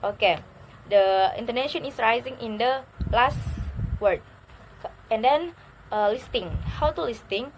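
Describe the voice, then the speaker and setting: A woman giving a spoken pronunciation lesson, halting with fillers and restarts, then exaggerating the rise and fall of her example sentences. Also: on the high side, slight background noise. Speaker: English teacher.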